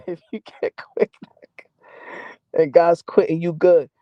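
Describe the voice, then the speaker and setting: Heated high-voiced host. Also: male voice, fairly even intonation, slow, no echo, highs cut off. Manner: heated, mocking, switching between English and Spanish. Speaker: boxing channel host. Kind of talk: livestream commentary answering chat.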